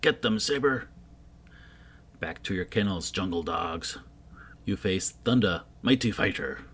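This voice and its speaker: A man's voice: low-pitched, a little slow, a bit bright, a little hiss or hum. A man reading the lines of a proud, strong jungle hero in short, commanding sentences.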